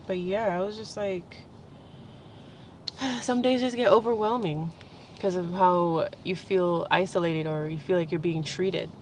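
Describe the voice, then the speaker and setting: A young woman with a fairly low voice talks straight to her camera in a loose, heartfelt vlog. She rambles, laughs often and gets emotional. Faint background hum stays under her voice. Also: steady tone, unhurried, a little mellow. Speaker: vlogger. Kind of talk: casual spiritual vlog monologue.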